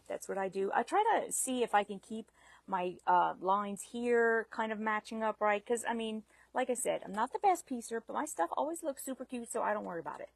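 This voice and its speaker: Chatty woman with a gravelly edge. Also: a little high, moderate pace, no room sound. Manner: chatty, self-deprecating, laughs at herself. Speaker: sewing instructor. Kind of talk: live sewing demonstration.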